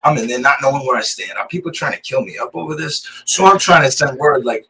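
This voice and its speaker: Guy from massachusetts rambling thru a story, lots of cussing, bright edgy voice, sits a bit back from the mic. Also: mid-range voice, fast talker, few pauses, distant mic, low-quality recording. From Massachusetts, USA. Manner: rambling, profane, keeps saying "you know what I mean". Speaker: podcast guest. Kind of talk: casual storytelling of prison life.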